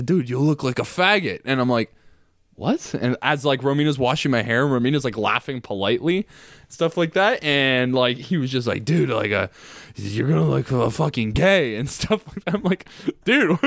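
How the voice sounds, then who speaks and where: An animated man co-hosting a podcast, telling a story in casual chat. He laughs often and swears freely, and his pitch swings widely. The recording is dry, with no room sound. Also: no echo. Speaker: podcast co-host.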